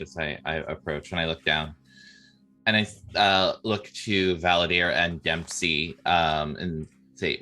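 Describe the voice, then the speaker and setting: A man describing his character's actions in a tabletop game, pausing often as he talks. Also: low voice, steady tone, pushed and bright, soft background music. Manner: halting, many fillers. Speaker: player.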